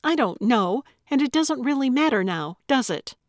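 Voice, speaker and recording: A woman's voice: high voice, animated, normal speed, dry recording, clean studio sound, pitched above the performer's own voice. A woman voicing a cold, contemptuous female criminal who speaks in a hissing, threatening way. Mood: menacing.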